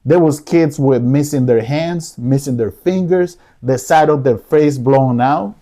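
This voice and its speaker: Impassioned man with a mellow voice. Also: medium pitch, a little slow. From United States. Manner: emotional, pleading, repeats himself. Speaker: podcast host. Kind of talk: impassioned solo commentary. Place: living room.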